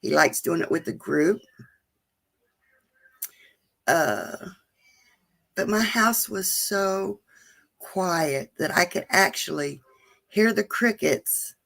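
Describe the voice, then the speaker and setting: A woman's voice: low voice, vocal fry, a bit bright. A woman, chatting casually and emotionally with viewers during a live stream. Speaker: vlogger hosting a live chat.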